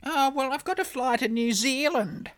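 A woman's voice: high-pitched, animated, normal speed, dry recording. A woman playing a flustered, scatterbrained older woman who rambles and stumbles over her words in a comedy podcast. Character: flustered older woman, a would-be reality contestant.

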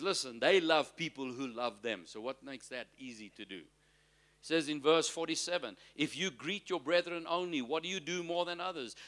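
A man preaching a sermon as pastor, calling out to the congregation and drawing out key phrases slowly, swinging from loud to soft. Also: a little high. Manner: preaching with call-and-response to the congregation.

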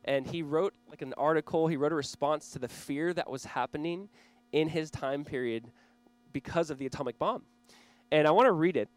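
Casting: male pastor in his thirties, slightly high voice, chatty, earnest sermon delivery. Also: moderate pace, no room sound. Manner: conversational and earnest, with small laughs and restarts.

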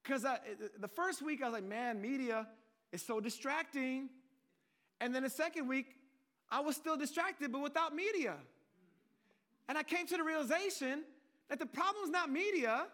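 A man with a very high voice preaches a sermon. He talks casually, as if in conversation, and often quotes prayers aloud. He swings between loud, emphatic peaks and low, hushed asides. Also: unhurried, pauses often. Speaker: pastor.

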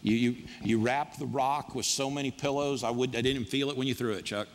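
A man's voice: mid-range voice, fairly even intonation, fairly quick, big-room sound, slight background noise. A man preaching to his congregation in an emphatic, punchy style, with lots of repetition. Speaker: pastor. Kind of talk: sermon. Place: church sanctuary.

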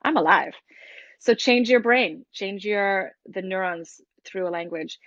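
A woman's voice: mid-range voice, a little slow, dry recording. A middle-aged woman from the United States, a breathwork teacher talking candidly and animatedly as an interview guest, with many restarts. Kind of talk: casual interview talk. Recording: dull, dry lo-fi sound.

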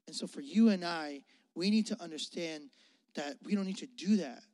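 Give me a high-voiced, earnest man preaching. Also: moderate pace. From Mississippi. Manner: earnest, repetitive, swings between loud emphasis and hushed intimacy. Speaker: youth pastor. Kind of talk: youth sermon. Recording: dry sound with a long hall reverb.

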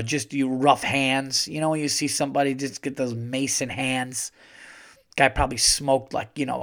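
A man's voice: mid-range voice, fairly bright tone. Rambling, profane man telling stories casually. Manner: loose, profane, rambling with many fillers and restarts. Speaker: podcast host. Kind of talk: casual storytelling monologue.

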